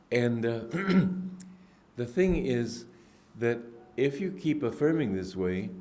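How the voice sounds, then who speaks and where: Man, spiritual teacher, reflective unhurried discourse, mid-pitched voice, frequent restarts. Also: warm tone. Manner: clears throat often. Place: indoor gathering hall.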